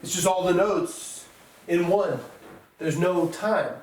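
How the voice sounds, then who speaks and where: A man's voice: high-pitched, takes it slowly, darkish tone. A man teaching a music lesson, patiently counting beats aloud and sounding out rhythms for his students. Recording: echoey room, voice from a distance, faint noise.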